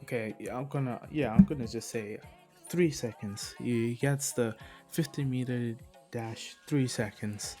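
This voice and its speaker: Slow, rambling man retelling a story. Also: medium pitch, a little mellow, faint music behind. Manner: rambling, laughs at himself, self-correcting. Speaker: video creator. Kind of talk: casual retelling of a fan story.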